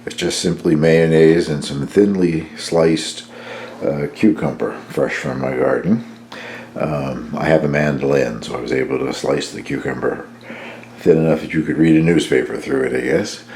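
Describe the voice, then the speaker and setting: A man chatting casually about the bread he baked at home, relaxed and rambling with fillers. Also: rumbling low, moderate pace. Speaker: home baking vlogger. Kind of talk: casual home cooking talk. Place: home kitchen and dining room. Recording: echoey room with background noise.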